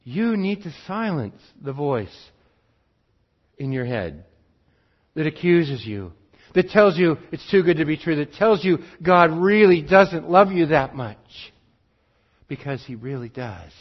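A man preaching a sermon in an earnest way, switching between urgent bursts and quiet, drawn-out phrases. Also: a little high, very animated, muffled recording.

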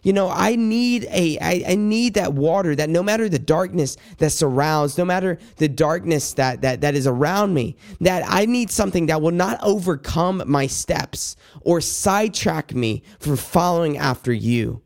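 A man talks through a personal Bible devotional, earnest and halting, often restarting his sentences. His voice sits a little high and carries a gravelly edge. He turns now and then to speak directly to God. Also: lively intonation. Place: indoors at night.

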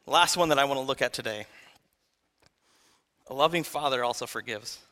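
A young man preaching a sermon in a casual, animated way, often saying "like" between thoughts. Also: medium pitch, moderate pace.

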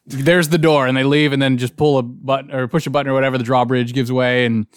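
A man's voice: medium pitch, little pitch movement, fast talker, clear, resonant tone, dry recording, clean studio sound. A man chatting casually with friends, telling crude stories and laughing often. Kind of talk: casual chat among friends.

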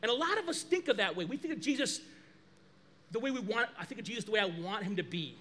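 A man preaching a sermon as pastor, lively and animated, acting out quoted dialogue. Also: sits high, fast, a little hiss or hum.

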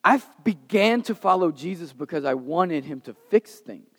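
A man preaching a sermon in a conversational, animated storytelling way. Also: on the high side, moderate pace. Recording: reverberant hall.

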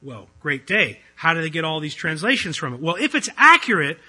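A pastor delivers an earnest sermon in a conversational tone, his voice rising loud and then dropping almost to a hush. His voice sits high for a man and sounds very bright and edgy. It carries a husky grain throughout. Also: very animated, fairly quick, low-quality recording. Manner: earnest, conversational preaching with swings between loud and hushed. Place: church.

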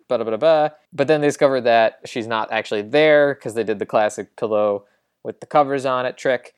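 A man's voice: medium pitch, clean tone, no room sound. Man with a dry, close sound. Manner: rambling, lots of "like" and quoted lines. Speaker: podcast co-host. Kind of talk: casual movie recap.

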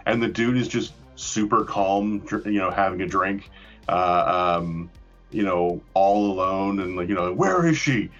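A man's voice: sits low, little pitch movement, measured pace, a bit bright, faint music behind. A man in casual chat, rambling with fillers and casual swearing. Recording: dull lo-fi recording.

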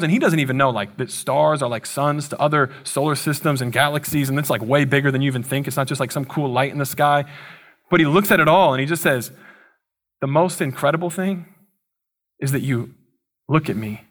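A man's voice: mid-range voice, fairly quick, fairly bright tone. A young man preaching a sermon in a casual, conversational way, with playful asides. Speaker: pastor.

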